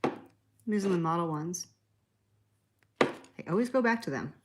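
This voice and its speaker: Background noise accompanies a woman with a lowish voice as she hosts a live nail art tutorial, animated yet unhurried. She chats casually, replies to viewer comments, and laughs easily.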